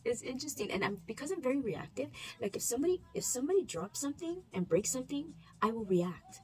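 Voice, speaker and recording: A woman's voice: high voice, very animated, quick pace. A woman telling the camera about her shift at a shop, laughing often, repeating herself and acting out what customers said. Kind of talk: casual storytelling to camera.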